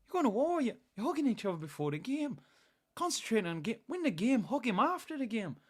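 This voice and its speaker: A man's voice: very high-pitched, very animated, a little fast, pitched above the performer's own voice, exaggerated voice. A man imitating a blunt, scolding Irish football pundit with a Dublin accent. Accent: Dublin Irish, put on.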